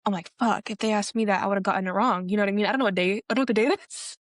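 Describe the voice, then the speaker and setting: A woman's voice: very fast, no room sound, clean studio sound. A young woman co-hosting a podcast, telling a long story in casual chat and acting out the people she quotes. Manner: animated, acts out quoted people with pitch jumps. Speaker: podcast co-host.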